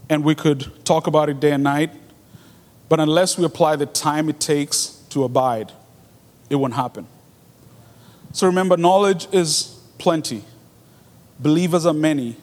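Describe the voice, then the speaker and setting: A man's voice: on the high side, a little mellow. A man preaching a sermon in an earnest way, repeating his key phrases for emphasis. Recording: long hall reverb.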